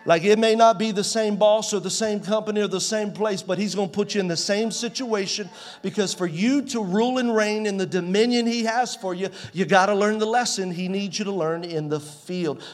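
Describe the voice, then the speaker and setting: A pastor in his forties preaching a sermon in a conversational way, swinging from loud to soft. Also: high voice, normal speed. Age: 40s.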